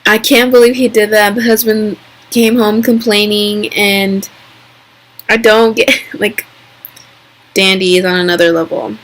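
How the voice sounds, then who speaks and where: Chatty young woman gushing over a show. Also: medium pitch. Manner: chatty and excitable, full of fillers and "like"; mimics characters in quick exaggerated asides. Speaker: TV episode recapper. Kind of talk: casual vlog recap.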